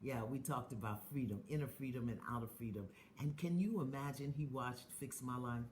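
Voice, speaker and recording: A woman's voice: very deep voice, brisk, a little mellow, reverberant, slight background noise. A middle-aged woman from the United States leading viewers through spoken affirmations on a live stream, chanting lines and urging them on between comments. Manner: chanting affirmations, call-and-response exhortations; greets viewers by place, reads comments aloud. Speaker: spiritual teacher hosting a live stream.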